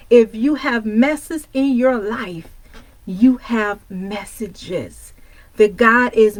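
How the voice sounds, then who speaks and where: A woman from Detroit delivers a fiery motivational sermon, confronting the listener with one rhetorical question after another. Her voice sits a little high, and the sound is dry and close with no room echo. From Detroit, United States. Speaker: motivational speaker and coach. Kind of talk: preaching motivational talk.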